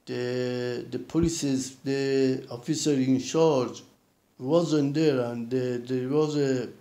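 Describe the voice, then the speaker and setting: A man works through his account at an unhurried pace, often restarting and leaning on repeated fillers. His voice is mellow and relaxed, and it echoes around the room. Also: mid-range voice. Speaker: vlogger recounting a personal experience. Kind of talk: casual spoken account. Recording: roomy echo.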